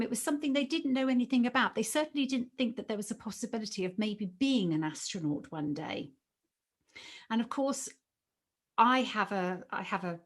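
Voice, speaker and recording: Earnest, emotional British woman host. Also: fairly high pitch. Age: 40s. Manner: earnest, emotional, repeats herself for emphasis. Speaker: podcast host and former teacher. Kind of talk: podcast interview storytelling.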